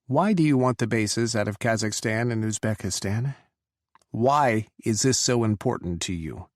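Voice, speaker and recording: A man voicing a guarded American president who speaks in a firm, measured way. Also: fairly low pitch, no room sound, clean studio sound, lightly acted.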